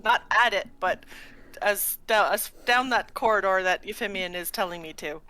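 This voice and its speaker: A woman's voice: mid-range voice, normal speed, sharp tone, poor audio. A woman from Canada playing a tabletop game, laughing and teasing. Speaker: player. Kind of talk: tabletop game play on a livestream.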